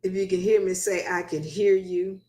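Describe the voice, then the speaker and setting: A woman hosts a live stream in an easy, chatty way, her voice sitting at a middle pitch. She keeps patiently asking her viewers whether they can hear her, and the sound rings with a noticeable room echo. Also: flat delivery, normal speed, dark tone.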